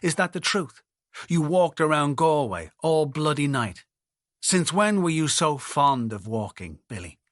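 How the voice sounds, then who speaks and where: A frightened young wife who pleads through her tears and clings to her husband, as a male narrator reads her lines. Her voice sits at a middling pitch and sounds close and dry, with no room around it. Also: animated, moderate pace, a bit bright, dry recording. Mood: hurt. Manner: pleading, tearful. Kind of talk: audiobook dialogue reading.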